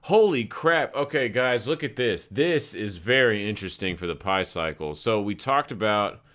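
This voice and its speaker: Hosting a live crypto trading session, a man speaks at normal speed in a lowish voice that sounds pushed and bright, with lively intonation. He rambles easily through charts and stories and swears liberally.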